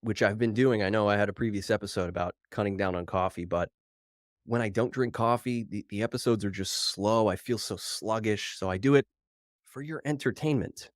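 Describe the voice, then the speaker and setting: A man's voice: lowish voice, brisk, dry recording, studio quality. Worked-up, over-caffeinated male podcast host. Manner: animated and worked up, mocking quoted headlines. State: over-caffeinated, slightly out of breath. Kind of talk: solo podcast commentary.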